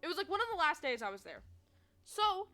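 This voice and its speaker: A young woman streamer telling stories to her chat in a chatty, animated way, swearing freely and laughing often. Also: extremely high pitch, a little fast, faint music behind. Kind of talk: casual storytelling to chat.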